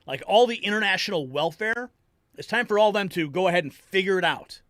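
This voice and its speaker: A male host delivering excitable political news commentary, reacting to clips. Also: high voice, a little fast, no room sound, clean studio sound.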